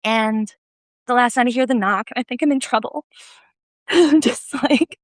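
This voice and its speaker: A woman telling a personal story in a casual live video, animated and self-deprecating, often laughing. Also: fairly high pitch, normal speed, no room sound. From United States.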